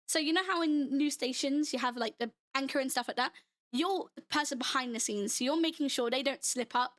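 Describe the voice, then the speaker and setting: Young woman from Britain, high bright voice, blended British-American-Australian accent, bubbly and giggly, casual stream chat. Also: a little fast. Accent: mixed British, American and Australian. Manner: giggly and bubbly, laughs often. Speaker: livestreamer.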